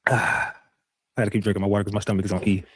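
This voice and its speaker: A man's voice: lowish voice, fast talker, slightly rough, no room sound, clean studio sound. A man streaming casual commentary, telling a story with lots of swearing and repeated words, and talking straight to his viewers. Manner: profane, animated storytelling with repeats; addresses viewers directly.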